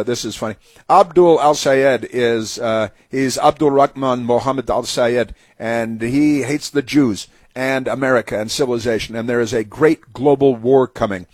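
A talk-radio man with a husky, slightly rough voice, recorded close and dry with no room sound. He rants in a sarcastic, mocking way, stumbling through restarts and filler words as he goes. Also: mid-range voice, no echo. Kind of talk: opinionated talk radio monologue.

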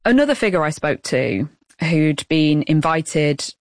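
Low-voiced woman reporting. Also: sing-song, unhurried, dry recording, studio quality. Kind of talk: radio news report with field interviews.

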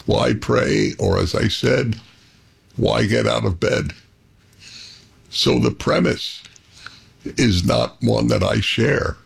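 A man hosting a radio talk show, speaking in a thoughtful, measured and candid way. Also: mid-range voice, creaky, husky. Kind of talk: reflective call-in show monologue.

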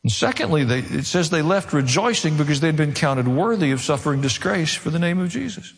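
A man preaching a sermon as pastor, earnest and pleading, acting out quiet prayers. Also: a little high, lively intonation, brisk, big-room sound.

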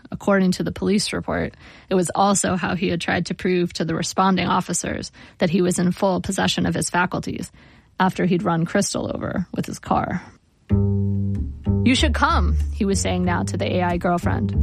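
Gravelly woman narrating a memoir. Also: on the low side. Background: guitar music.

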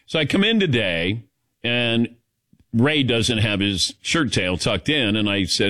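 A man's voice: medium pitch, unhurried. A man hosting a talk radio show, telling a rambling story casually with lots of fillers. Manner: rambling, animated, many fillers.

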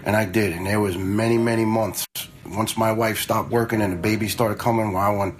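A man's voice: on the low side, steady tone, fairly quick, few pauses, rough recording. A man in his fifties, a retired fire lieutenant, telling stories in a blunt, conversational way with some swearing. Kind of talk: casual storytelling.

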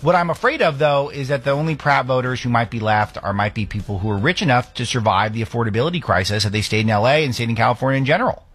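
Husky opinionated talk radio host. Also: male voice, mid-range voice, quick pace, hardly any pauses, a bit bright, faint music behind. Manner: opinionated, conversational, with restarts. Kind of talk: casual political commentary.

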